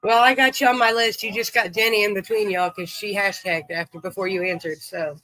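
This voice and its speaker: Man, livestream host, easygoing chat, bright tone, dry recording. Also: high-pitched, steady tone, fairly quick, no room sound, rough recording. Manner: easygoing, rambling, greets viewers by name. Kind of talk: casual chat with viewers.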